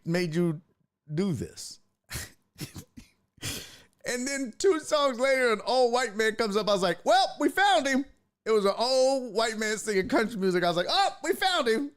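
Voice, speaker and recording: Slow, animated profane male storyteller. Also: high voice. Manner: profane, animated, acts out his own quotes. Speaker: podcast host. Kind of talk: comedic storytelling.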